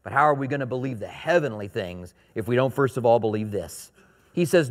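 A pastor delivering a sermon, reading scripture aloud and then explaining it in casual asides. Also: male voice, mid-range voice, expressive, fairly quick, in a large hall.

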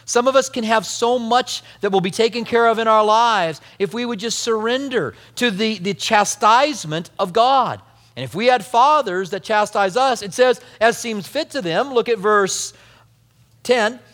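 A middle-aged male pastor preaching a sermon, telling family stories in a conversational, animated way. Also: high-pitched, moderate pace, long reverb tail.

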